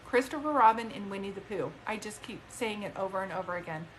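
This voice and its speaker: A woman's voice: mid-range voice, animated, fast talker, a little hiss or hum, poor audio. A woman working as a psychic medium, giving a rambling, emphatic reading to a caller. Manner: chatty, emphatic, rambling with restarts. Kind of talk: live-stream reading to a caller.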